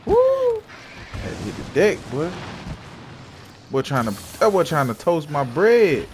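A man talks through his game in a loose, profane, slangy way, trash-talking what is on screen. His pitch swings widely from line to line. Loud game sounds run clearly behind him. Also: sing-song, measured pace, slight background noise. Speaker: gamer. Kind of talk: casual gameplay commentary.

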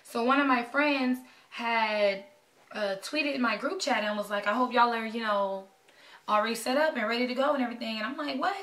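A young woman, talking anxiously and excitedly to her camera in a casual vlog. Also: a little high, a little fast. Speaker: vlogger. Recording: echoey room, voice a bit far from mic.

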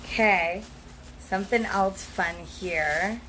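A woman's voice: high voice, expressive, takes it slowly, fairly bright tone, slight background noise, poor audio. A young woman chatting at home as she opens gifts on camera, gushing with gasps and squeals. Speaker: vlogger opening mail. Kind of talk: casual unboxing chat.

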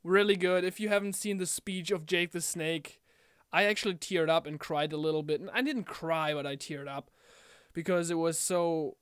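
A young man ranting casually about a wrestling event in a home vlog, animated and chatty, often slipping into impressions of the people he talks about. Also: fairly high pitch, moderate pace, smooth, no echo, studio quality. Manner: animated, mimics wrestlers in quotes. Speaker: wrestling fan vlogger.

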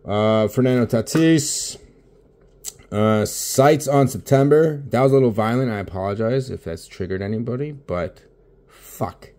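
A man's voice: medium pitch, moderate pace, mellow. A young man casually talking through opening packs of baseball cards in his home office, swearing constantly and mumbling because he is short on sleep. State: sleep-deprived. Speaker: card opening vlogger. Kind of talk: casual card-opening commentary.

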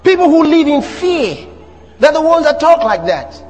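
A man with a Nigerian accent preaching a sermon in church, animated and teasing the congregation. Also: extremely high pitch, normal speed, in a large hall. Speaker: pastor. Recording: music playing behind the sermon.

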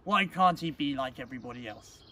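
Man putting on a strict dad cat, loud and scolding, storybook style. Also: medium pitch, lively intonation, brisk, slight background noise. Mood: stern. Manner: gruff, scolding. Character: stern, proud father cat.

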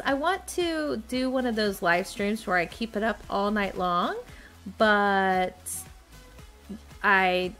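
Host, woman from Texas, friendly live-stream chatter, slow and slightly high, faint music behind. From Texas, USA. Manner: chatty, greeting viewers by name. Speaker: channel host. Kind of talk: casual live-stream chat with viewers.

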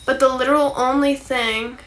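Bright high-voiced young woman rambling. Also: steady tone, moderate pace, a little hiss or hum. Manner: rambling, frequent likes and ums, swears casually. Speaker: livestreamer. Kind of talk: casual livestream chat.

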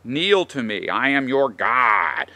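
Guy doing a mean bossy cop voice, slow and grand, bright sharp tone, dry sound. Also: mid-range voice, very animated, dry recording, exaggerated voice. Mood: menacing. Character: cruel domineering male police officer.

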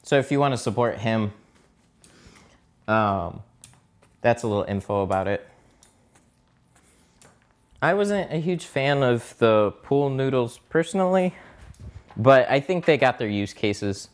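A man's voice: mid-range voice, animated, unhurried, long pauses. A man who does mobile window tinting, chatting casually and swearing a bit on a live stream while he works and hunts for his tools. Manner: casual, profane, chatty, distracted while working. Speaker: mobile window tint installer.

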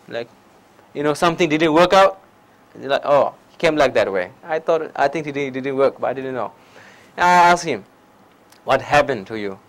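Young Nepali-accented male teacher, high-pitched, storytelling dharma talk to an audience. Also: rough recording. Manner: non-native English, animated anecdotes, frequent "huh?" asides. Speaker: meditation teacher. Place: lecture hall before an audience.

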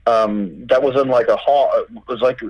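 A man's voice: mid-range voice, moderate pace, dry recording, muffled recording. A middle-aged man, a record label owner, telling stories as a podcast guest, acting out dialogue and swearing freely. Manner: animated, acts out quoted dialogue, swears freely. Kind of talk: casual storytelling interview.

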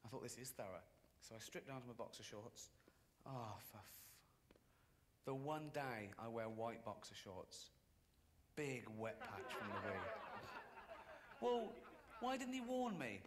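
A man's voice: medium pitch, very animated, unhurried. A man doing stand-up comedy, self-mocking and chuckling through his lines. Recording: stand-up set played in a game with noise.

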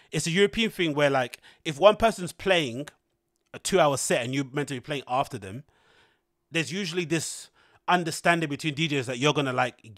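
A man hosts a podcast in rambling, casual commentary. He is animated, cheeky and profane, full of slang. His voice sits a little high and is recorded close and dry. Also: no room sound. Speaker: podcast host.

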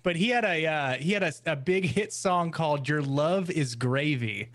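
A man's voice: a little high, moderate pace, a bit bright. A man co-hosting a podcast in casual chat, trailing off with fillers mid-sentence. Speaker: podcast co-host.

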